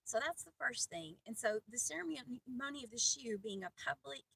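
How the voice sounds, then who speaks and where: A middle-aged woman giving a heartfelt personal devotional talk, earnest and pausing often. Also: a little high, animated, gravelly, bright, forceful tone, distant mic, a little hiss or hum, poor audio. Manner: earnest, heartfelt, with many pauses and fillers. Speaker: Christian video host.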